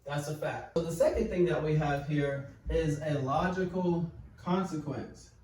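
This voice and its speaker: A man explaining parenting steps in a calm, patient, step-by-step way, like a teacher at a whiteboard. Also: fairly high pitch, measured pace, a little hiss or hum. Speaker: parenting educator. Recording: echoey room, mic far off.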